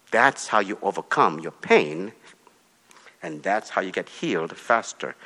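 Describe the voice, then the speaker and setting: Korean-born guy preaching, punchy repeated commands, bright voice, echoey big hall. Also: medium pitch. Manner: emphatic, repeats short commands, swings between soft and loud. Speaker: pastor. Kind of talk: preaching a sermon.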